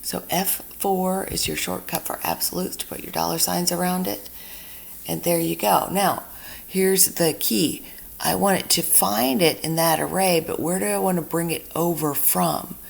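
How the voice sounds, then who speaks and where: Low, gravelly woman teaching spreadsheets. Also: steady tone, moderate pace. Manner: chatty, talks herself through each step. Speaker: instructor. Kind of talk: screen-recorded software tutorial.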